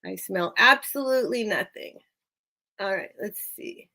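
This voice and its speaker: A woman's voice: mid-range voice, expressive, a little slow, vocal fry, pushed and bright. An American woman hosting a live sale stream, chatting casually with viewers by name and laughing often.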